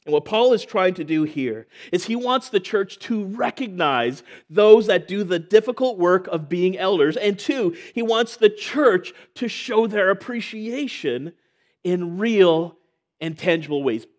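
A man's voice: high voice, animated, measured pace. A man preaching a sermon as a church elder, in a conversational way with joking asides.

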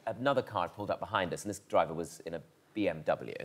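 A man's voice: deep voice, fast. A man telling comic stories as a guest on a chat show, camp and theatrical. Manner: camp, theatrical, animated storytelling with put-on voices. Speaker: comedian guest. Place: TV studio with live audience. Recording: loud audience laughter and noise.

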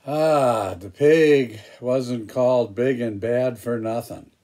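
Guy reading a kids picture book, slow unhurried pace, chatty about the pictures. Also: mid-range voice, dark tone. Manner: chatty asides describing the pictures; hesitant, with fillers and restarts. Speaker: storybook reader. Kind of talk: picture book read-aloud.

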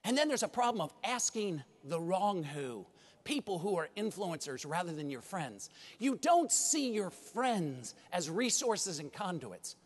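A man giving a motivational keynote speech at a conference, an animated storyteller who addresses the audience directly. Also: high voice, measured pace, slightly rough. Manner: animated storyteller, acts out dialogue. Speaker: keynote speaker. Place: large conference hall. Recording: reverberant hall.

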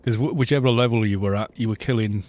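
A man's voice: lowish voice, steady tone, fast, darkish tone. Rambling, laughing man streaming a game. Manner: rambling and jokey, laughs often. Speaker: gaming streamer. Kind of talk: casual live-stream chat while playing.

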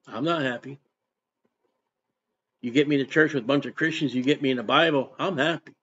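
A man's voice: medium pitch, brisk, husky. Emphatic preacher man, lo-fi recording. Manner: emphatic, repetitive, switches between loud outbursts and quiet asides. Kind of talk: sermon. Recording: dull lo-fi recording.

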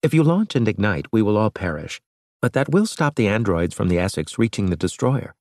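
A man's voice: lowish voice, big pitch swings, brisk, darkish tone, dry recording, studio quality. A man voicing a formal, fatalistic male crewman in an audiobook, politely proposing drastic action. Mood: grim.

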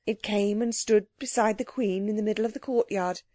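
A woman narrating a children's audiobook in a clear, expressive way, recorded close on a dry mic. Her tone is mellow and soft-edged, at a middle pitch. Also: a little fast, no room sound.

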